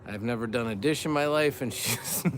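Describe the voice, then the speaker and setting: A man's voice: mid-range voice, moderate pace, a crowd in the background. A man hosting a casual live chat by a backyard fire at night, joking and laughing as he talks to viewers. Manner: joking, laughs often, reads chat aloud. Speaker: livestream host, father.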